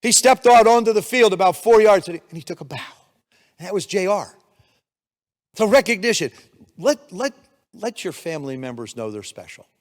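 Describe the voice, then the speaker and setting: An older man giving a motivational keynote speech, energetic storytelling with acted-out quotes, in a conference room on a handheld mic. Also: high voice, normal speed, long pauses. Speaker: keynote speaker. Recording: long reverb of a hall.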